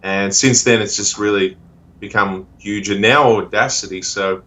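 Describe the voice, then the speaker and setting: Bright-voiced Australian man, easygoing. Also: on the low side, fairly even intonation, normal speed, low-quality recording. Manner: easygoing, laughs often. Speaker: comedian and impressionist guest. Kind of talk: casual interview chat.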